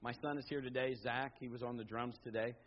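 A middle-aged man preaching a sermon as pastor, swinging from loud emphatic bursts to low, quiet stretches. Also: fairly even intonation, fast. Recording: slightly dull lo-fi sound.

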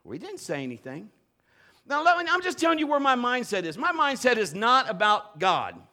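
High-pitched male preacher with a bright edge; excitable participation sermon to a live church. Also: a little fast. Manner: animated participation preaching, urging the congregation. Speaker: pastor. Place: church sanctuary with a congregation.

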